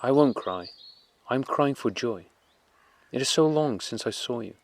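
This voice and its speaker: A man's voice: mid-range voice, expressive, unhurried, slight background noise, voice pushed up. A man reading a tender, tearful mother. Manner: soft, emotional, choked tenderness.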